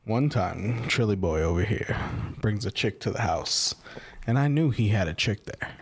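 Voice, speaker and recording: Man, animated teasing storyteller, very lively pitch, casual podcast banter. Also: normal speed, breathy edge.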